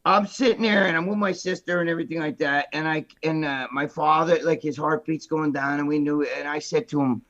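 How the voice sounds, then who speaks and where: High-voiced blunt storytelling man. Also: fairly even intonation, a little fast, few pauses, a bit bright, dull audio. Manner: blunt storyteller, swears freely. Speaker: podcast regular. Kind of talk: casual chat.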